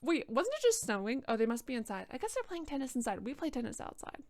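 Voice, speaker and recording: A woman's voice: high-pitched, sing-song, fast talker, no echo, studio quality. A tipsy young woman reading a book aloud and roasting it, sarcastic and rambling, often restarting her sentences. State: tipsy from wine. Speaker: book reader and commentator.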